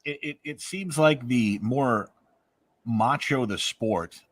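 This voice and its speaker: A man on a podcast, offering measured, wordy observations during casual banter. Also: medium pitch, a little hiss or hum. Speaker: podcast co-host.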